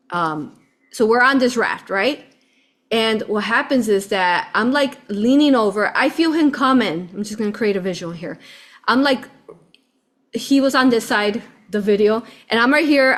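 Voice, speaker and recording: A woman vlogger telling a travel story in an excited, chatty way, often laughing and calling her viewers "you all". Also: on the high side. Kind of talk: animated storytelling vlog.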